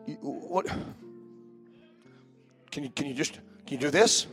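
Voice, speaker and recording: A man pastor with a high, ringing voice preaches to his congregation in a rhythmic cadence, punctuating phrases with breathy "uh"s. His delivery climbs into shouted runs, over soft music in the church. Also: lively intonation, unhurried, pauses often. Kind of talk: sermon. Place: church sanctuary before a congregation.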